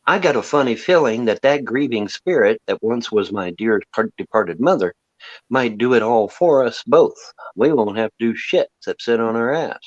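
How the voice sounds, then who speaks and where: A man's voice: medium pitch, moderate pace, no echo. A man ranting to his viewers in a sarcastic, mocking tone, leaning hard on sing-song emphasis. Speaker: livestream host. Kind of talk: ranting monologue. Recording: dull lo-fi sound.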